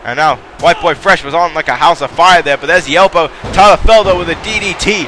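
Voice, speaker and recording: A man giving excitable play-by-play commentary on a wrestling match, calling out moves, shouting at the big spots and drifting into rambling asides to the audience. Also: fairly high pitch, fairly quick, slight background noise.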